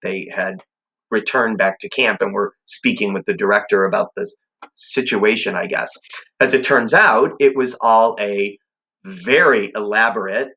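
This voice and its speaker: A man's voice: on the low side, a little slow, bright, forceful tone, breathy edge, muffled recording. A man teaching a class, telling a suspenseful personal story in a conversational way.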